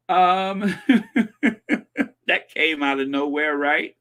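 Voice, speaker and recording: A man hosting a casual livestream, reading and answering viewer comments. He talks slowly in a somewhat high voice. He is chatty and giggly, and he rambles as he thinks aloud. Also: sharp tone, smooth. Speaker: livestream host reading chat. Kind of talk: casual chat.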